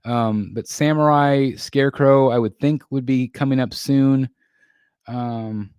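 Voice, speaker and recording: A man's voice: medium pitch, no echo, clean studio sound. A man hosting a casual live stream, chatting loosely with viewers and reading their comments, rambling with lots of fillers and restarts. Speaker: livestream host.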